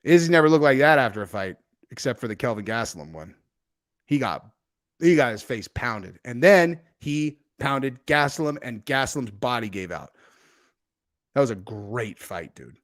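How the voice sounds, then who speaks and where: A man hosting a casual livestream, rambling loosely with frequent fillers and swings from loud to quiet. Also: mid-range voice, normal speed. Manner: animated swings in loudness. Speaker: host.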